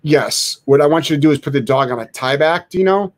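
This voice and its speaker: A man who trains dogs, answering live chat questions bluntly, swearing freely and mocking soft owners in a sing-song voice. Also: on the high side, a little fast. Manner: blunt, profane, animated, mocks in a sing-song voice. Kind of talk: casual live Q&A.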